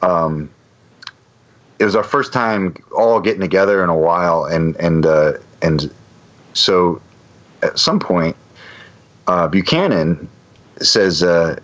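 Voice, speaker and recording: A man's voice: deep voice, takes it slowly, long pauses, fairly bright tone, dull audio. A man casually telling a long anecdote, rambling with frequent restarts and fillers. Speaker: guest storyteller.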